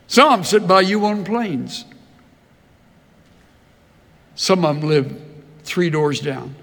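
An older man preaching a sermon, telling folksy stories in a slow, easy drawl. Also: fairly high pitch, lively intonation, vocal fry, a bit bright, big-room sound. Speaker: pastor. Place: large church hall.

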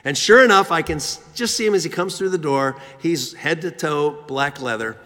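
A man's voice: a little high, moderate pace, sharp tone. A man preaching a sermon, telling a story with rhythmic repetition. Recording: long hall reverb.

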